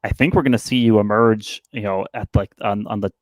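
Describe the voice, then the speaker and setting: A man narrating as game master of a tabletop game, halting and full of fillers. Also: lowish voice, fairly even intonation, no room sound. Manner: rambling, halting, many fillers.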